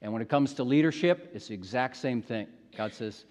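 A man's voice: medium pitch, brisk, darkish tone, in a large hall. A male pastor preaching a sermon in an earnest, emphatic way, often repeating phrases for stress. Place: church sanctuary.

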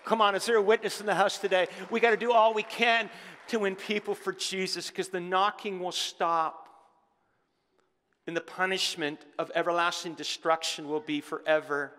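A male pastor preaching to his congregation in a bright, forceful, slightly high voice. He builds fervor and calls out to the room. A long church-hall reverb trails his words. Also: steady tone, moderate pace. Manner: preaching with rising fervor and call-outs to the congregation. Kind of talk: sermon. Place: church sanctuary.

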